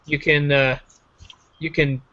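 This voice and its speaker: A man's voice: on the high side, little pitch movement, takes it slowly. Joking man on a lo-fi call. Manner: rambling, jokey, self-mocking. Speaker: show host. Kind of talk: casual joking chat. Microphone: video call. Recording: dull lo-fi online call audio.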